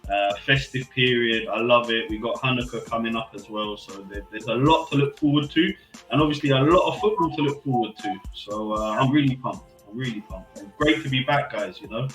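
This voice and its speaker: A man's voice: mid-range voice, brisk, fairly bright tone, soft background music. A man chatting casually and upbeat as a co-host. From London. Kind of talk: casual chat. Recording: echoey room, far from mic.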